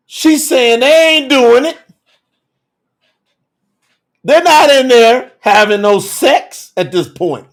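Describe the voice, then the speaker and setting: A man's voice: very high voice, very animated, slow pace, long pauses. A man teaching scripture on a live telethon, preaching with exuberant commentary, laughing often and calling out viewers by name.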